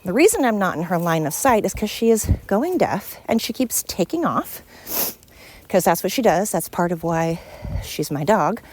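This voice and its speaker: Frank, low-pitched woman venting. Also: big pitch swings, normal speed, slight background noise. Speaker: podcast host. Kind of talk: candid monologue podcast. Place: at home with her dog.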